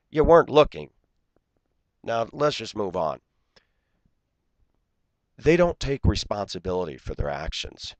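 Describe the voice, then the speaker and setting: A man's voice: fairly low pitch, no echo, rough recording. A man in his forties telling an aggrieved story in an indignant, ranting way, acting out the dialogue. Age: 40s. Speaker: vlogger.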